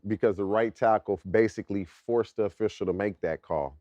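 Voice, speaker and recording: A man joining a live football watch-along as a guest, calmly breaking down plays and officiating calls. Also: lowish voice, fairly quick, no echo, highs cut off. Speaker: guest analyst. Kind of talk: casual game commentary.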